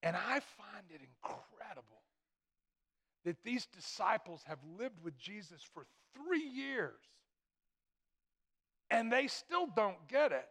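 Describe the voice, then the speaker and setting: A man preaching with a notably high-pitched voice. He is a middle-aged pastor who delivers his sermon emphatically, circling back over key phrases to drive them home. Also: very animated, slow pace, pauses often, a bit bright.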